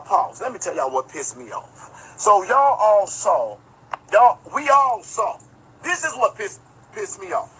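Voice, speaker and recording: Man, high voice, bright edgy tone, rambling profane storytelling, livestream chat. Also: a little hiss or hum, rough recording. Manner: talks straight to viewers, reads chat aloud. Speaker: online commentator. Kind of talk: casual livestream commentary.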